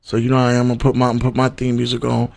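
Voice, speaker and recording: A man's voice: medium pitch, completely flat delivery, rapid-fire, creaky. Chatty livestream host, man. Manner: loose, chatty, talks straight to viewers. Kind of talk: casual live-stream chat.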